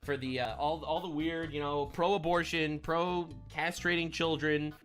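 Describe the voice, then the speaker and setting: A man's voice: on the high side, fairly even intonation, unhurried, a bit bright, soft background music. A man streaming live, talking politics in an emphatic, preachy way and often asking "all right?".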